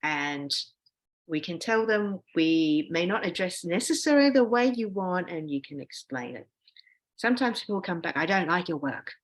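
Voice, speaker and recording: A woman professor as a podcast guest, giving reflective advice in a relaxed conversational way, often saying "you know". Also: lowish voice, moderate pace. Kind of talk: conversational interview answers.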